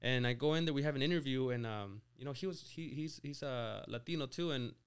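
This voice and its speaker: A man's voice: mid-range voice, fairly quick, smooth. A man in his twenties from Mexico, a podcast guest telling his story in a casual chat, full of "like" and "you know" and restarted words. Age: 20s. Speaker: podcast guest, auto shop owner.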